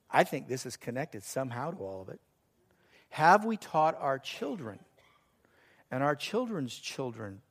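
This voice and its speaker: Animated high-voiced preacher, sixties. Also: male voice. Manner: animated preaching, asks the congregation rhetorical questions. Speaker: pastor. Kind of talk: sermon.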